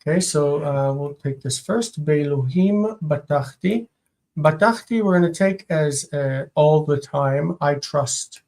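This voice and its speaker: Slow, deliberate Hebrew teacher. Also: mid-range voice, a little mellow, poor audio. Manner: slow, deliberate phrase-by-phrase translating with self-corrections. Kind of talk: live-streamed homework review.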